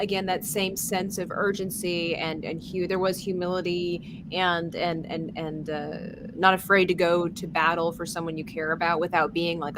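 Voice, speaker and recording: A woman's voice: on the low side, noisy background. A young woman co-hosting a podcast, chatting casually and rambling with restarts. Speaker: podcast co-host. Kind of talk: casual chat.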